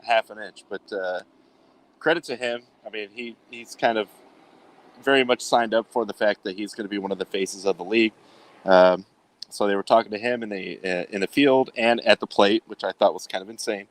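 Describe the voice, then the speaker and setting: A man's voice: fairly low pitch, steady tone, brisk. A man hosting a casual sports talk show, speaking in a rambling way with many fillers. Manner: rambling, filler-heavy delivery.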